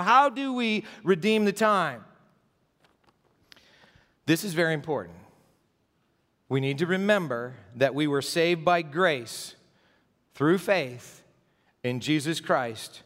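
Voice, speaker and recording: A man's voice: mid-range voice, a bit bright, in a large hall. A middle-aged man pastor preaching a sermon in a church sanctuary, chatty and joking with asides. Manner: conversational preaching with jokes and asides.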